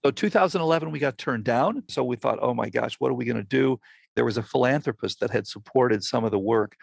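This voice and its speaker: A man's voice: medium pitch, quick pace, creaky, slightly rough, no echo. An older man, a physician and researcher, telling a story in a conversational interview and acting out the exchanges he quotes.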